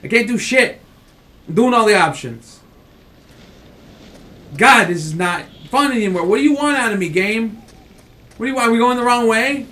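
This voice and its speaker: A man's voice: very high-pitched, normal speed, pauses often. A man playing a video game with a friend, chatting casually, swearing and getting frustrated. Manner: frustrated, swearing, bursts into shouts. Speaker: gamer. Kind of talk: casual let's play chat.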